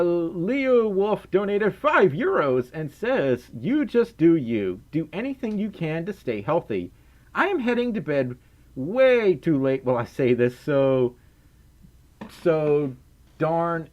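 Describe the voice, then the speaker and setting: Giggly Southern-accented male streamer, goofy casual chat, voice bouncing high and low. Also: darkish tone, highs cut off. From Mississippi, US South. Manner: silly, giggly, reads donations aloud. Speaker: livestream host. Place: indoors at home, wearing a fursuit head.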